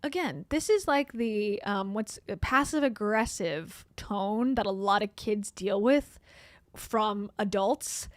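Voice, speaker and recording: A woman's voice: mid-range voice, slow pace, dry recording. A woman hosting a casual commentary show, reacting to online videos in a candid, chatty way and laughing often. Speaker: host.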